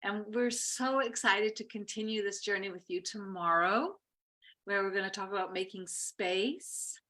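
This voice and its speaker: A woman love coach talking in a gentle, reflective, encouraging way in a casual chat. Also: mid-range voice, unhurried.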